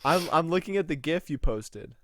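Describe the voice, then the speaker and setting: A man's voice: fairly high pitch, animated, moderate pace, a bit bright, no echo, clean studio sound. A young man running a tabletop game as game master, joking and laughing in a casual chat.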